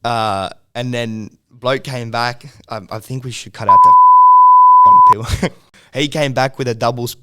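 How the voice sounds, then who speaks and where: A man's voice: medium pitch, sing-song, moderate pace, heavy background noise. An Australian man, a music video producer, tells a story on a casual podcast, swearing freely and rambling with frequent laughs. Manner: profane, rambling, laughs often.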